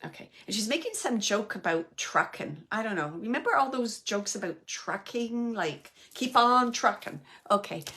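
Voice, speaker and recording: A middle-aged woman with a bright, clear tone, talking her way through a psychic reading. She chats loosely and keeps passing along messages. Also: mid-range voice, animated, moderate pace. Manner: chatty, relays spirit messages in quotes. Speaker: psychic medium. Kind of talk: live mediumship reading.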